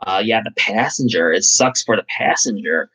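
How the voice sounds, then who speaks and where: A man's voice: lowish voice, expressive, normal speed, sharp tone, husky, rough recording. A man hosting a casual live chat, rambling and swearing, with lots of fillers. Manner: rambling, profane, full of fillers. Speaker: channel host.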